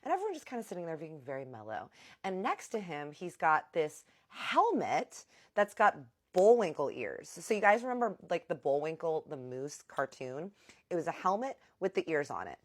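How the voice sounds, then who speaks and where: Woman with a low voice doing storytime, super animated, swings all over the place, talks right to the camera. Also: normal speed. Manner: animated, dramatic, addresses viewers directly. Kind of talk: casual storytime vlog.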